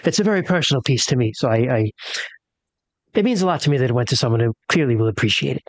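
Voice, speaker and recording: A woman's voice: very deep voice, expressive, racing, dry recording. A woman playing her character in a tabletop game, polite and flustered, stammering through thanks. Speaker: player. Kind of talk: in-character tabletop role-play.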